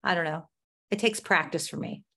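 A woman's voice: deep voice, moderate pace, vocal fry, bright, forceful tone. A middle-aged woman co-hosting a podcast, chatty and self-deprecating in casual talk. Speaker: podcast co-host. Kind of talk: casual chat.

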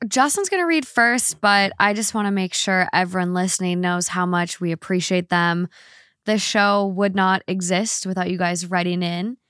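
A woman's voice: fairly low pitch, moderate pace, clean tone, dry recording, studio quality. Upbeat woman podcast co-host. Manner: warm, upbeat and thankful toward listeners. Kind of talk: casual podcast chat.

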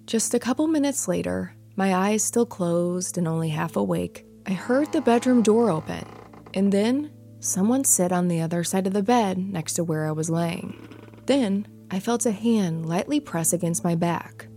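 A woman giving a measured, suspenseful first-person narration of a ghost story. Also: medium pitch, lively intonation, mellow. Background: faint music.

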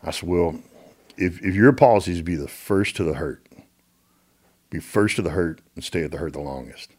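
A middle-aged American man telling stories as a guest in a casual interview, animated and repeating words when he gets going. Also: sits low, normal speed, husky.

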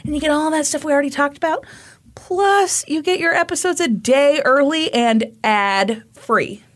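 A woman's voice: high voice, normal speed. A woman co-hosting a casual true crime podcast, playful and teasing, often laughing. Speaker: podcast co-host.

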